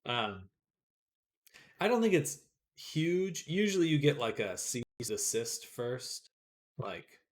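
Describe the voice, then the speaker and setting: A man's voice: mid-range voice, sing-song, slow, long pauses. A man chatting casually on a live stream while he draws, rambling with many fillers and answering viewers' comments.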